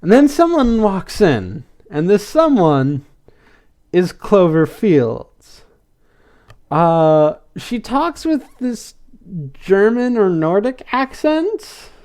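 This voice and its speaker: A man's voice: high voice, sing-song, drawn-out words, darkish tone, smooth. A man hosting a podcast, casually recapping a cartoon episode, rambling and repeating fillers as he goes. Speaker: podcast host.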